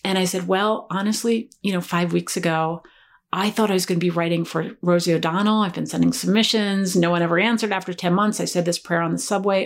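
A woman guest telling a story in conversation, lively and acting out the dialogue she quotes. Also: on the low side, a little fast.

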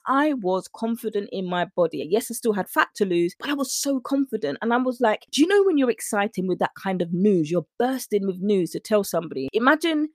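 A woman of middle pitch shares her personal testimony on a podcast, earnest and emotional as she acts out what she once thought. The recording is close and dry, with no room sound. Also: animated, a little fast, few pauses, no echo. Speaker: nutrition coach.

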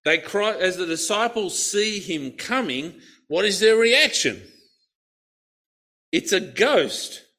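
A man giving a Bible study talk, expressive, with playful asides. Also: high-pitched, measured pace. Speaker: Bible teacher.

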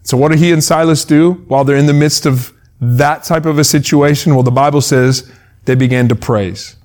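Conversational man preaching, slightly higher voice. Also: moderate pace, a little mellow. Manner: conversational, repeats words when starting phrases; acts out quoted voices in asides. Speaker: pastor. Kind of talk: sermon.

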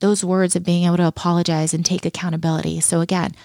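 A middle-aged woman talks in an earnest, heartfelt way and leans on repeated words to drive a point home. Her voice sits on the lower side for a woman and has a gravelly fry. It is close and dry, with no room sound. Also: little pitch movement, quick pace, a little mellow, dry recording. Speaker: guest. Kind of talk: reflective personal interview talk.

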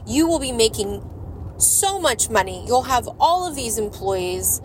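A woman voicing an ambitious male business executive who eagerly piles on plans and pitches them persuasively. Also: very animated, a little slow, slight background noise, rough recording.

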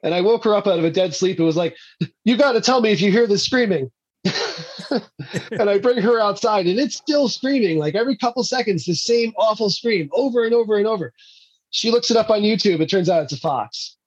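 A man's voice: sits high, expressive, brisk, husky, muffled recording. A man, an indie filmmaker, telling rambling stories in a casual interview and laughing often.

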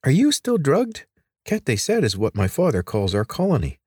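A sharp-tongued teenage girl, put on by a man reading a story aloud, blunt, sarcastic and quick to take offense. Her voice rides higher than his own and swings lively up and down. The sound is dry and close. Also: breathy edge, no echo. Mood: brisk, impatient.

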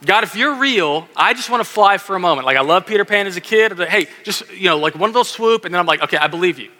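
A man preaching a lively sermon, acting out the voices in his stories and calling on the kids in the room. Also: sits high, quick pace. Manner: animated, acts out quoted voices, addresses kids in audience. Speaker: pastor. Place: church sanctuary. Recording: long hall reverb.

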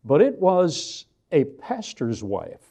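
A man's voice: on the high side, wildly swooping pitch, creaky, mellow, husky. An older man with a Texan accent gives a church lecture in a folksy way, stretching out words he wants to stress. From Texas. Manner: folksy storytelling with slow emphatic stresses. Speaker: creationist lecturer.

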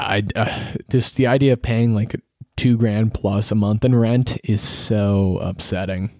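Young dude rambling into his podcast mic in his bedroom, swears a bunch, laughs at himself, middle pitch, dead dry sound. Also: darkish tone, no echo. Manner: rambling, self-mocking, swears a lot, restarts often. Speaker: podcast host. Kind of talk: casual solo podcast ramble.

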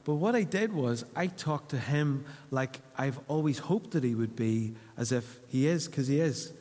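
A man preaching a sermon in a church hall, conversational and earnest, dropping to hushed asides. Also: mid-range voice, animated, unhurried. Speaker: pastor.

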